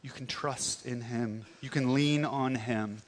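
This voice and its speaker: A man delivers a sermon at an unhurried, deliberate pace. He preaches earnestly, pressing on key words, then sinking into soft, quiet tones. His voice trails into the long reverb of a large hall. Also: medium pitch, fairly even intonation. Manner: earnest, emphatic preaching with dramatic pauses and drops to soft tones. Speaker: pastor.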